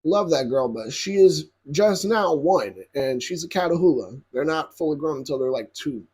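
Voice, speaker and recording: A young man with a husky, slightly raised voice tells a range story straight to his viewers. He swears freely, gets animated and keeps asking "you feel me?". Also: on the high side, moderate pace. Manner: profane, animated, addresses viewers directly. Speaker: YouTuber telling a story. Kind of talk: casual storytelling to camera.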